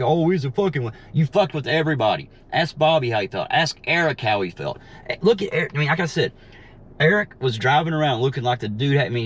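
A man ranting heatedly and mockingly while driving around, swearing constantly, recorded inside his car. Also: fairly high pitch. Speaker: vlogger. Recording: faint road noise in a car. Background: faint vehicle noise.

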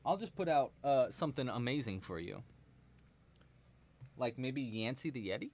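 A man's voice: mid-range voice, expressive, moderate pace, long pauses, darkish tone. Chatty man teaching crochet on a live stream. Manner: chatty, rambling, many fillers.

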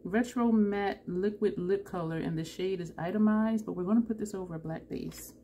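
Mellow woman talking through makeup. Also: medium pitch, slight background noise. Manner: thinks aloud, unhurried, self-correcting. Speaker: beauty vlogger. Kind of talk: makeup tutorial talk.

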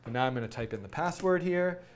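A man's voice: fairly high pitch, expressive, quick pace. A middle-aged man teaching coding in a casual, rambling way, often laughing and correcting himself as he works. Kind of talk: casual live-coding tutorial.

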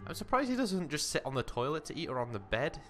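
A young man talks through his game in a lively, up-and-down voice, chatting to his character as he plays. Music plays clearly behind him. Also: fairly high pitch, fast. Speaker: gaming commentator. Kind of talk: casual let's-play commentary.

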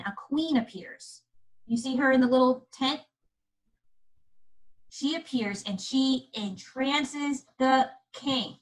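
A woman museum educator retelling a fairy tale to children, in an animated, chatty way, often asking her listeners questions. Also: fairly high pitch, slightly rough, low-quality recording. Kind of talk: storytelling lesson for children.

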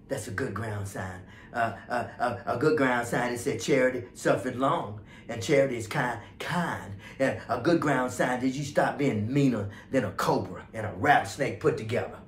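A male pastor preaching a fervent sermon, swinging from hushed passages to loud ones. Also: mid-range voice, echoey room, slight background noise. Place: church sanctuary.

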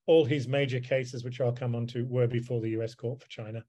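A man's voice: mid-range voice, flat delivery, fairly quick, warm tone. Rambling male lecturer on a call. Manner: discursive, with many fillers and repeated words. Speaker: seminar speaker, solicitor advocate. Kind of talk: lecture answering questions.

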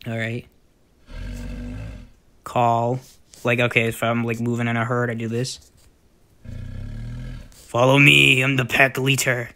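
A young man casually commenting on his gameplay, wandering from thought to thought with plenty of fillers. His voice sits at an ordinary middle pitch, and he jumps into excited outbursts when something in the game surprises him. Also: slow, pauses often, a little hiss or hum. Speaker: gaming YouTuber.

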